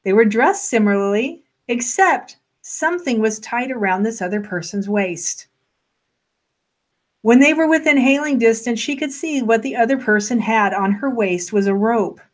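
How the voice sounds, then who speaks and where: A woman narrating a story in a gentle, unhurried way. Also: fairly high pitch, animated.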